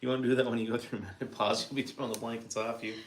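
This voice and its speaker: Brief: man, mid pitch, sits off-mic in a roomy, echoing space, short dry remarks. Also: level tone, rapid-fire, very noisy. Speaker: host's husband, co-host. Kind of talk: casual chat, reading names.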